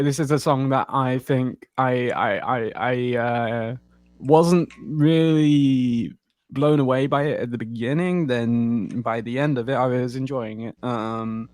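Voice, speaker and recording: A man's voice: medium pitch, steady tone, measured pace, dry recording. A man on a podcast panel, talking in a hesitant, rambling way. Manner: hesitant, rambling, with many fillers and restarts. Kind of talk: casual chat.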